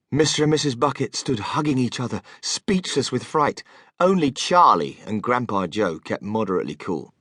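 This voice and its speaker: A male audiobook narrator tells the story with animated, expressive delivery. His voice is bright and rises and falls a lot. He is recorded dry and close. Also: medium pitch, no echo. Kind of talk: scripted narration.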